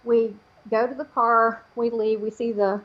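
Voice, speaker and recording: A woman, a psychic medium guest on an interview show, telling a personal story in an animated way and acting out the voices she quotes. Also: a little high, unhurried, dull audio.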